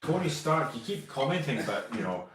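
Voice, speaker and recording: A man's voice: a little high, sing-song, normal speed, fairly bright tone, very echoey, far from the mic. A Scottish man co-hosting a casual live stream, chatting and greeting viewers by name as he reads their comments. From Scotland.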